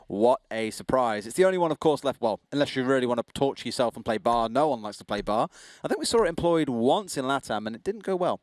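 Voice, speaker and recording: A man with a British accent casting an esports match, joking and chatty in quick banter. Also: mid-range voice, expressive, no room sound. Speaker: esports caster. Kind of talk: casual play-by-play commentary.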